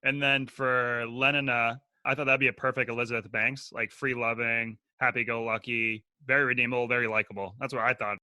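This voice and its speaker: A man with a very bright, forward voice, recorded close and dry with no room sound. He jokes and teases his way through a casual book club chat and laughs often. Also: medium pitch, flat delivery, brisk, hardly any pauses, no room sound. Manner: joking, teasing, laughs a lot. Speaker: podcast co-host.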